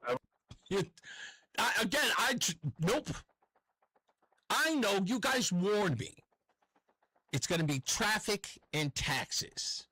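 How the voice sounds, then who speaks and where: A man with a New York accent holds forth on his radio show, his voice high and lively as it swoops up and down. He rambles, corrects himself and circles back to his points. The studio sound is dry and close. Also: slow, long pauses, slightly rough, no echo, poor audio. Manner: animated, rambling, self-correcting. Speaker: radio talk host. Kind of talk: opinionated talk radio monologue.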